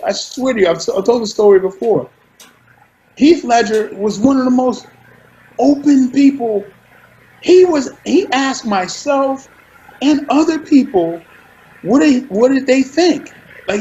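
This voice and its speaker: A man being interviewed, telling animated stories about his work and often restarting his sentences. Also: extremely high pitch, dull audio. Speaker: actor interviewed as guest. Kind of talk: casual interview storytelling.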